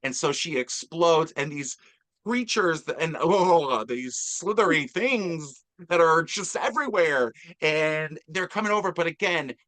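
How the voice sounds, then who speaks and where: A man's voice: fairly high pitch, expressive, a little slow, fairly bright tone. A man hosting a casual movie review chat, talking enthusiastically and rambling with fillers. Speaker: podcast host.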